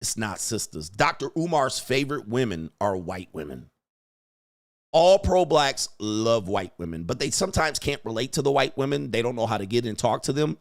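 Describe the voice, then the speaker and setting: A man hosting a show, giving loud, crude, mocking commentary on video clips and laughing often. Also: medium pitch, animated, normal speed, no room sound, studio quality. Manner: brash and mocking, laughs often, mimics voices. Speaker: host.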